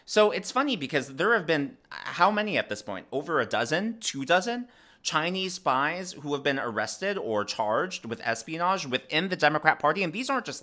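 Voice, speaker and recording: A young man raised in the American South giving casual political commentary to his viewers, with lots of fillers and restarts. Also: fairly high pitch. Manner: animated, frequent fillers and restarts.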